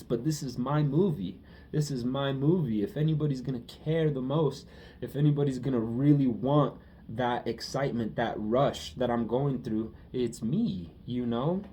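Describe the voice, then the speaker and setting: A man's voice: mid-range voice, dark tone, slight background noise. A young man talking through a casual personal monologue, emotional and profane, often repeating himself. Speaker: vlogger.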